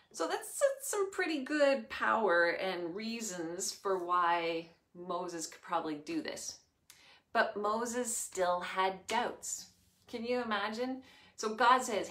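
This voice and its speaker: A woman, telling a Bible story to children in an expressive, chatty way. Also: medium pitch, measured pace, reverberant. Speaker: children's church leader.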